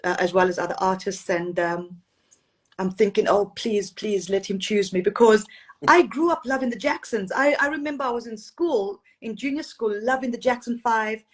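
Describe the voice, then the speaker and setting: A woman, a singer raised in Zambia and Zimbabwe, telling lively stories about her career in a casual live-streamed interview, often laughing. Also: fairly high pitch, normal speed. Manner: warm, storytelling, laughs often.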